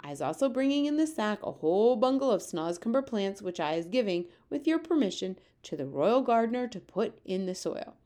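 A woman's voice: medium pitch, sing-song, fairly quick, few pauses, dark tone, natural voice. Woman voicing a friendly male giant, kindly, folksy jumbled speech, storybook reading. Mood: pleased. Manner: cheerful, garbled folksy speech. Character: big friendly giant, male, kindly, mangles his grammar.

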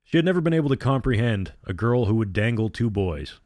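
A man narrating a storybook in a measured, even reading. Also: fairly low pitch, no room sound, studio quality.

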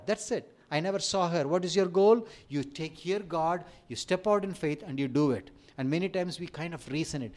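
A man's voice: a little high, brisk, hardly any pauses. A middle-aged man with an Indian accent, preaching a sermon with rising emphasis and light humorous asides. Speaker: pastor.

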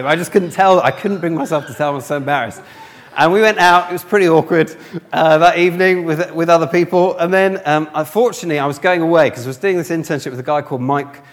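A young man from the north of England telling a humorous, self-mocking story in a sermon, acting out the dialogue. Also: fairly high pitch. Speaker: speaker. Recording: long hall reverb.

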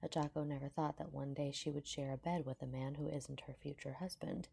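A woman narrating a fanfiction aloud in a calm, measured storytelling manner. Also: deep voice, creaky, husky. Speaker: fanfiction reader.

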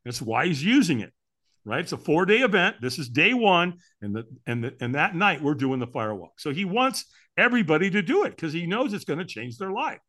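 A man being interviewed on a podcast, telling a personal story with emphatic, animated delivery and frequent rhetorical questions. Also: on the high side, fairly quick. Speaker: podcast guest.

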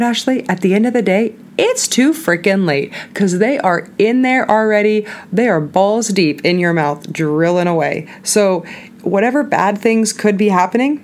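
A woman's voice: lowish voice, slight background noise. A woman hosting a podcast, telling a story in a chatty, candid way, full of "like" and frequent laughs. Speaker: podcast host. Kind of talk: casual storytelling monologue.

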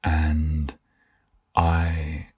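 A young man hosting a sleepy podcast, rambling softly and trailing off. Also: a bass voice, completely flat delivery, drawn-out words, breathy edge, no room sound, studio quality. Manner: meandering, soft-spoken, trails off. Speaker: podcast host.

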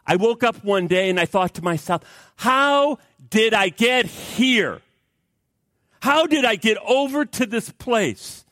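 An earnest, tearful widow confessing how she drifted and came back, as a preacher voices her. The voice sits a bit high for a man and sounds dry and close, with no room around it. Her lines swing from hushed to urgent. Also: fairly quick, hardly any pauses, no echo. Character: grieving widow who found her way back.

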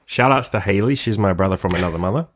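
A man's voice: lowish voice, fast talker, slight background noise. A young man hosting a podcast, talking in a brash, profane, joking way in casual chat. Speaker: podcast host.

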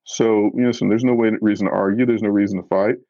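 A man with a low voice talks fast and frankly on a podcast, blunt and earnest. The sound is dry and a little dull and lo-fi, close on the mic. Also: steady tone, no echo. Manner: blunt, earnest, self-reflective. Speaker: professional bass fisherman, podcast guest. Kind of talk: candid podcast conversation.

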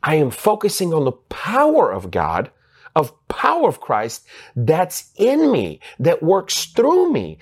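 A man preaching a sermon, halting with frequent restarts and fillers, growing more emphatic and rising in pitch as he presses his points. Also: wildly swooping pitch, slightly rough.

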